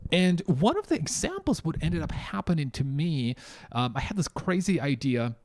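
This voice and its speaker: A young man from Ukraine, telling a story to camera in a blunt, animated way and swearing freely. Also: a little high, moderate pace. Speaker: vlogger.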